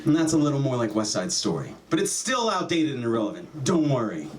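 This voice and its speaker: A man performing a stand-up comedy set, sardonic and profane, often jumping into high yelps and mock voices. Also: big pitch swings, brisk, background noise. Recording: distant mic with noticeable room ambience.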